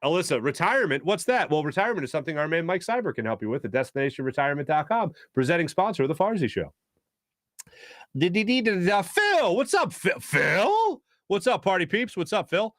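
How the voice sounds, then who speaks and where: A man's voice: fairly high pitch, big pitch swings, fast, hardly any pauses, a bit bright, no echo, studio quality. A man hosting a casual live sports talk stream, joking, humming filler tunes and reading out viewer comments. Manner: chatty, jokey, hums filler tunes and tries celebrity impressions. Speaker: sports talk show host.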